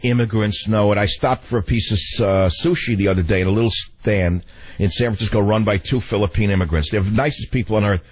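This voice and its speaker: A man's voice: fairly low pitch, fairly quick, slightly rough. An older man with a New York accent hosting a call-in radio show, rambling and opinionated, swinging between ranting and wistful storytelling. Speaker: radio talk show host. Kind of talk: talk radio monologue and call-in.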